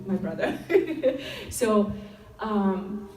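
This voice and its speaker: A woman tells her personal testimony at a conference, voicing the people in her story as she goes. Her voice is mellow and warm. She is picked up from a distance in an echoey hall, with faint music underneath. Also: mid-range voice, animated, extremely slow. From Ukraine. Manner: storytelling, acts out quoted dialogue. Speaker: conference speaker.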